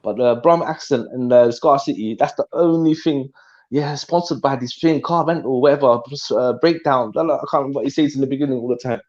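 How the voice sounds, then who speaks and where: A man's voice: mid-range voice, fairly quick, darkish tone. Man, casual live-stream chat, slangy, trails off, dull audio.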